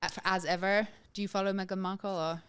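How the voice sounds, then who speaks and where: A woman hosting a podcast in casual chat, chatty and quick to laugh at her own stories. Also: mid-range voice, little pitch movement, fairly bright tone, smooth. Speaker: podcast host.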